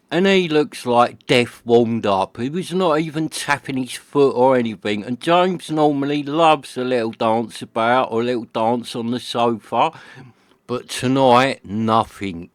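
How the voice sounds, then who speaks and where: Uk hifi guy telling a chatty story from his living room, slow delivery, dry close sound. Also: medium pitch, no echo. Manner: chatty, slangy, acts out his friend's and his own lines. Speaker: hifi vlogger. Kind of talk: casual storytelling monologue.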